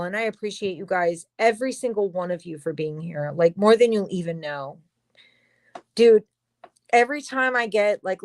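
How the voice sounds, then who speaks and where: A woman's voice: lowish voice, dry recording. Tarot reader, young adult woman, emphatic and profane, dry deadened room. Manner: emphatic, swears freely, talks straight to viewers. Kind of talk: livestream tarot reading.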